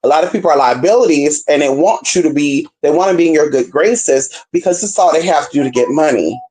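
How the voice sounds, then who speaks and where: Speaking fairly quickly in a mellow voice, a woman from California gives a spiritual reading to her viewers. She's chatty and sassy, addresses them as baby and girl, and shifts between quiet murmurs and high squeals.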